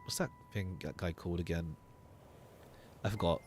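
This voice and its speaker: A man's voice: deep voice, steady tone, normal speed, noisy background. A man streaming a game, chatting casually and rambling with stammering restarts over background music.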